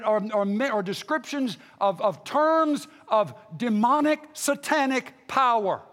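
A male pastor preaching a sermon with passion, repeating phrases and restarting himself, swinging between loud outbursts and hushed lines. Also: very high-pitched, lively intonation, unhurried, few pauses, long reverb tail.

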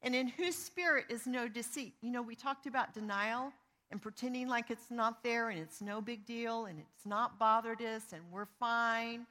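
A woman's voice: a little high, normal speed, pushed and bright. A woman giving an earnest, conversational Bible teaching, reading verses aloud with emphasis. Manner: reads scripture aloud with emphasis; earnest and conversational, with small restarts. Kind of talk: teaching on forgiveness.

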